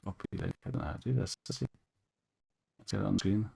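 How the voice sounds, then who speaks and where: A man's voice: lowish voice, steady tone, fast talker, vocal fry, breathy edge. A man hosting a casual interview over a video call, chatty and thinking aloud. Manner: chatty, thinks aloud while using software. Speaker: podcast host.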